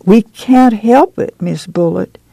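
A woman's voice: medium pitch, slow pace, vocal fry, dark tone, husky, no room sound, pitched above the performer's own voice, full character voice. A reader voicing a timid, ashamed poor mother who whines in a rural folksy dialect. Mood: pleading.

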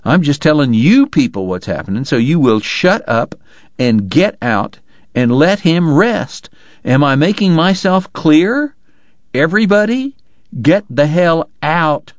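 A man's voice: mid-range voice, big pitch swings, moderate pace, hardly any pauses, no echo, highs cut off, voice pushed up, lightly acted. A man voicing a curt, authoritative frontier doctor who snaps orders and explains matter-of-factly. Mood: stern.

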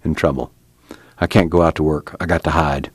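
A man's voice: a bass voice, steady tone, brisk, breathy edge, no room sound. A man voicing a battered, weary young farmhand in hiding, with a drawl and a tense, urgent delivery. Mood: tired, hushed.

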